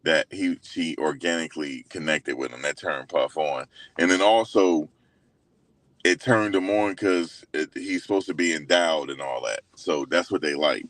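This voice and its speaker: A young man hosting his own channel, retelling a story in a loose, slangy way full of fillers, animated and incredulous as he quotes others. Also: extremely low pitch, normal speed, no echo. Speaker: host. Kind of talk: casual storytelling recap.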